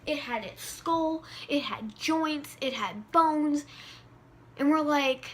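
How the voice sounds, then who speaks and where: Woman vlogger, story time, high bright voice, dramatic delivery. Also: slow pace.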